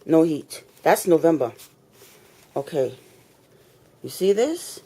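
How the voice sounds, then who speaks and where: A woman's voice: low-pitched, sing-song, slow pace, warm tone, husky. A woman ranting to a phone camera in her apartment, angry, repetitive and swearing. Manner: fed up, repetitive, confrontational, swearing. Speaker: tenant filming a complaint video. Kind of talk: angry direct-to-camera rant. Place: apartment, indoors.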